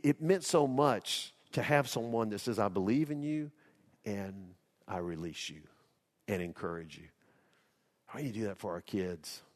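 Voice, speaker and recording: A man's voice: medium pitch, in a large hall. A man, preaching a sermon as a pastor in a folksy storytelling manner. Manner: folksy storytelling, acts out quoted voices.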